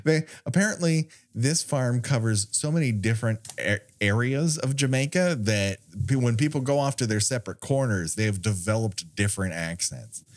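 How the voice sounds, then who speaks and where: A man's voice: mid-range voice, animated, moderate pace, hardly any pauses. A man co-hosting a podcast, riffing on a movie in a wry, sarcastic way and laughing often. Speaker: podcast co-host. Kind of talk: casual movie riffing chat.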